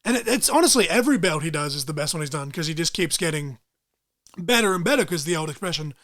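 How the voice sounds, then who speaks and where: A young man co-hosting a casual podcast, talking in an excitable, rambling way and swearing freely. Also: on the high side, fast talker. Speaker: podcast co-host.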